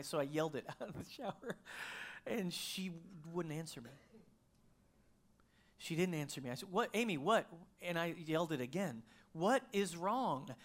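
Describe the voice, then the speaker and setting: A middle-aged male pastor preaching a sermon, telling a personal story in a conversational way with frequent restarts. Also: a little high.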